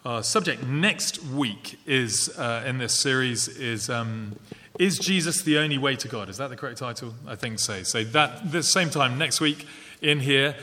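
A man hosting a church evening, calmly giving closing remarks and reading scripture. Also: medium pitch. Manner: measured, calm, announcing. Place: large church. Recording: long church reverb.

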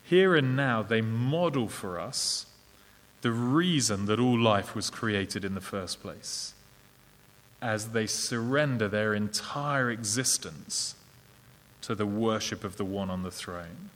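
A man's voice: fairly low pitch, fairly bright tone. English-accented man preaching in a reverberant hall. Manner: earnest, measured, with fillers and restarts. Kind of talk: sermon. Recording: long reverb of a large hall.

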